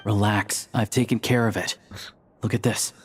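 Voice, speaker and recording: An actor playing a calm, discreet young man of a secret society in a video game, explaining things in a measured way. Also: fairly low pitch, a little hiss or hum, close to an everyday voice.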